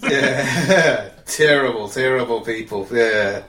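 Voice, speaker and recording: A podcast host with a New Zealand accent leads a casual chat, reading out listener ideas with wry, dry humour. His medium-pitched voice is slow and sharp in tone. There's a roomy echo on the recording.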